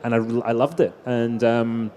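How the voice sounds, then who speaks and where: A man's voice: medium pitch, flat delivery, measured pace, dark tone. Man telling racing stories on stage. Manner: anecdotal storytelling, frequent restarts. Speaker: racing driver guest. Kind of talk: live stage interview. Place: live exhibition stage.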